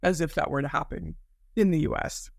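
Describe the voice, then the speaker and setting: A woman from the United States, a guest on a podcast, telling stories in a lively way and acting out the people she quotes. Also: low-pitched, brisk, creaky, dry recording, clean studio sound. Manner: animated, acts out quoted voices. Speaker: guest, life coach. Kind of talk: conversational storytelling.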